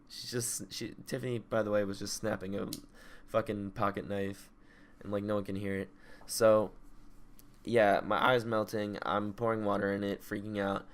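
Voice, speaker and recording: A man's voice: on the low side, flat delivery, normal speed. Rambling, swearing young man. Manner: rambling, swearing, shouts in re-enactments. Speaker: podcast co-host. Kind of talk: casual chat.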